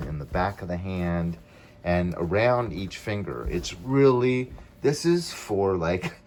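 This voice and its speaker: A man's voice: sits low, a little hiss or hum. A middle-aged man casually reviewing gear in a vlog, rambling and drifting off on tangents.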